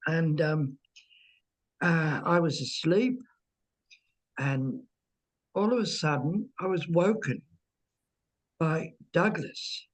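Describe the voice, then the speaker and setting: A woman slowly recounting a personal ghost story in casual conversation, hesitant, with fillers and repeated words. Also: deep voice, animated. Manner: unhurried, dwelling on details. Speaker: medium telling her own ghost stories.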